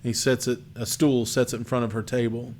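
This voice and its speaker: A man narrating as game master for a tabletop game, describing the scene slowly with fillers. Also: mid-range voice, little pitch movement, darkish tone, slight background noise.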